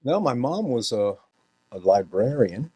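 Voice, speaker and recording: A man from the Philippines, an actor being interviewed, answering with wry, deadpan quips. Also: medium pitch, measured pace, husky, no room sound. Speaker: actor, guest. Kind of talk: casual interview chat.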